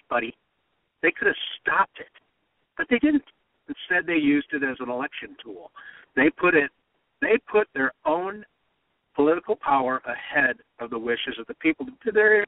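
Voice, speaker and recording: A man hosting political talk radio, talking emphatically and heating up to near shouts. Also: fairly high pitch, sing-song, moderate pace, no room sound. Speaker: radio talk show host. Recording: tinny phone-line sound.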